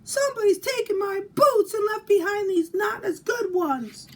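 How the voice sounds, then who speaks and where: A woman's voice: sing-song, unhurried. A woman voicing a small, tearful girl bear cub who wails and squeals. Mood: wailing. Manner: high wailing squeal.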